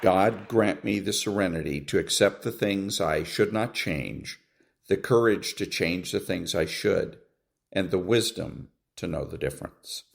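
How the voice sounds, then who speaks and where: A man's voice: deep voice, unhurried, gravelly, background noise. A man hosting a podcast, opening with a folksy, earnest scripted intro and a prayer. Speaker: podcast host.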